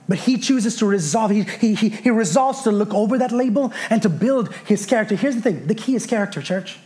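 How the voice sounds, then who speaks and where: A man with a notably high voice delivers a fervent sermon from a church pulpit. He preaches with passion and keeps calling the congregation to answer him. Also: a little mellow. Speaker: pastor. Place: church sanctuary.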